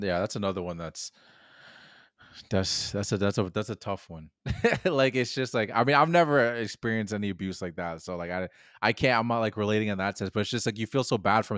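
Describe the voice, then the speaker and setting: A man's voice: on the low side, fairly bright tone, dry recording, clean studio sound. A man co-hosting a podcast, chatting about a film in a laid-back, rambling way and laughing often. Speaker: podcast co-host. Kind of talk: casual film discussion.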